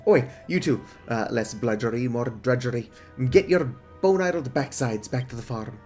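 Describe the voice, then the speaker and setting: A bossy prison guard, as a man reads him out, snapping orders and taunting the inmates. His voice sits at an ordinary middle pitch. Faint music plays under him. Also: expressive, normal speed, a little mellow, close to an everyday voice. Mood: scolding. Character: bossy male prison guard, gruff and scolding.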